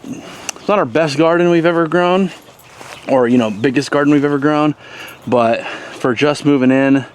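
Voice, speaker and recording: Relaxed man rambling through a homestead tour. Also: medium pitch, slight background noise. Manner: relaxed, rambling, many fillers. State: has the hiccups. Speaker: homesteader vlogger. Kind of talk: casual walking tour commentary. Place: outdoors on a homestead.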